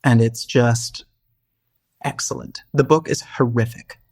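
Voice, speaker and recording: A man's voice: medium pitch, fairly even intonation, measured pace, a little mellow, husky. A man co-hosting a podcast, with a wry, theatrical manner and sarcastic rants. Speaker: podcast co-host. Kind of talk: casual chat.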